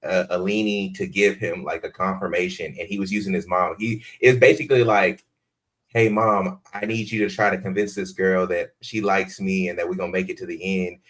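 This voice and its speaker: A man co-hosting a podcast, casually giving his take on a reality show in a relaxed, plainspoken way. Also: low-pitched, fairly quick. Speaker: podcast co-host. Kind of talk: casual reality TV review chat.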